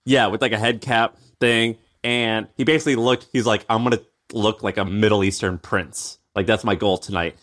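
A man's voice: fairly low pitch, fairly even intonation, moderate pace, hardly any pauses, a bit bright. A man co-hosting a podcast, talking casually with slang and jokes. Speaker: podcast co-host. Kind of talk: casual chat.

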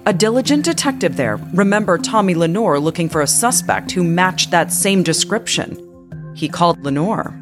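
A woman narrating a true-crime documentary in a measured, grave storytelling manner. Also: fairly low pitch, lively intonation. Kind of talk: scripted narration. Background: music under narration.

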